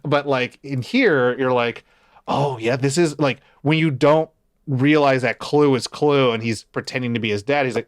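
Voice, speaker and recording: A man co-hosting a casual movie chat, animated, acting out lines in quoted voices. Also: mid-range voice, normal speed, dry recording, clean studio sound. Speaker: podcast co-host.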